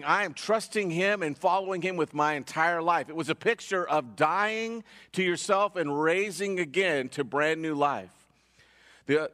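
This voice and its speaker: Earnest male preacher in a reverberant hall. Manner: earnest preaching, rises and falls in pitch and loudness. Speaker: pastor. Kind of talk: sermon. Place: church sanctuary. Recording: long reverb of a church hall.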